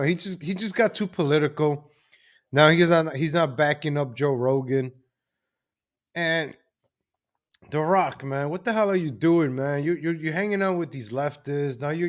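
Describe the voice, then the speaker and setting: Male host, sarcastic live commentary, voice a touch high. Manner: mocking, sarcastic running commentary.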